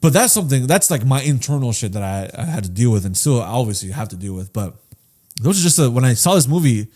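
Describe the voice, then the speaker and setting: Podcast host, male, relaxed warm tone, earnest and reflective, swears freely, trails off and restarts. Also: mid-range voice, fast talker. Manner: candid and reflective. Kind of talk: casual podcast chat.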